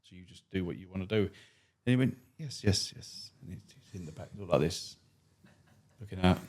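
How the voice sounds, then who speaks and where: Deep-voiced and a little fast, a man who drives a cab and does stand-up tells swearing-laced anecdotes on a podcast. His storytelling is blunt, profane, and deadpan.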